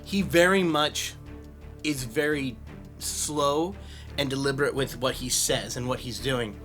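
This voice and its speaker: A man's voice: medium pitch, soft background music. A young man, a voice actor, chatting casually and self-deprecatingly about practicing impressions. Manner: animated, self-deprecating, quick laughs. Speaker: voice actor and YouTuber. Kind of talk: casual vlog commentary.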